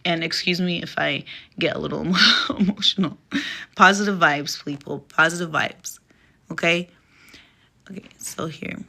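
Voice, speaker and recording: A woman's voice: on the low side, moderate pace, gravelly, bright, forceful tone. A young woman chatting on a phone live stream, rambling and laughing often, and reading her own poem.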